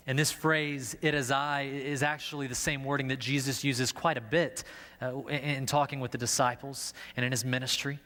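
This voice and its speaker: A man preaching an earnest sermon from a church sanctuary, his mid-pitched voice carried by a long, ringing reverb. He doubles back on words as he explains, preaching with steady conviction. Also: normal speed. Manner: earnest, stumbles and repeats words while preaching. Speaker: pastor.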